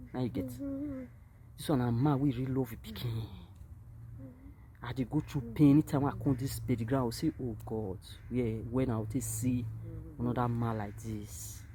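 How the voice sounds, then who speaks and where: A Nigerian woman with a Nigerian Pidgin English accent, talking to her camera at a cemetery, moving between quiet grief and loud, animated outbursts. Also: rumbling low, slight background noise. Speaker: vlogger. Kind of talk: emotional direct-to-camera monologue. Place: outdoors at a cemetery.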